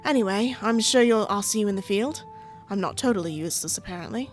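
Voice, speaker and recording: This young woman streams a game, narrating its text and cutting in with sarcastic, playful asides and plenty of laughter. She speaks quickly in an expressive, mid-range voice over faint background music, keeping things chatty.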